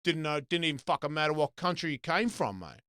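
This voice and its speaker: A man's voice: fairly high pitch, lively intonation, a little fast, pushed and bright, no room sound, clean studio sound. A middle-aged Australian man hosting a casual chat, swearing freely and rambling through restarts. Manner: rambling, profane, lots of restarts. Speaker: host.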